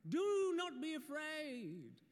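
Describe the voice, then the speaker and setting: A man voicing a male angel messenger who proclaims in a grand, drawn-out way. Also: very high-pitched, huge pitch swings, voice pushed up, full character voice. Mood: proclaiming. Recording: long reverb in a hall.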